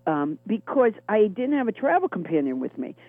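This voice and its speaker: A middle-aged woman comedian with a deep, gravelly voice and a chronic cough, chatting in a wry, rambling, self-deprecating way as an interview guest. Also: big pitch swings, moderate pace, dry recording. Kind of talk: phone interview chat. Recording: tinny phone line.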